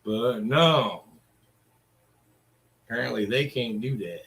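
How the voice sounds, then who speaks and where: A man's voice: medium pitch, slow, vocal fry, fairly bright tone. A middle-aged man, ranting casually in a crude, profane, rambling way. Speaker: vlogger.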